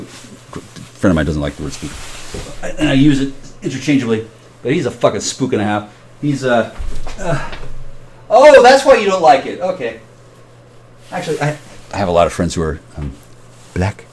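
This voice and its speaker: A man's voice: mid-range voice, slight background noise. A man rambling alone to the camera, swearing often, drifting between tangents and trailing off into mumbles. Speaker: vlogger. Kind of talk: rambling solo monologue.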